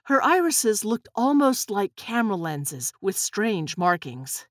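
A woman reading a storybook aloud in an expressive, unhurried way. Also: mid-range voice, no room sound, clean studio sound. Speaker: narrator.

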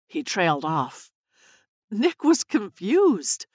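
A woman narrating a children's story with an expressive reading voice. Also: mid-range voice, measured pace, no room sound, clean studio sound.

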